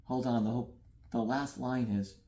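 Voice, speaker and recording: Guest artist, man, mid-pitched, reflective and repeating, room echo. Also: fairly even intonation, normal speed, warm tone. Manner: earnest, dreamy, repeats phrases, laughs at himself. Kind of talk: reflective interview talk. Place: gallery.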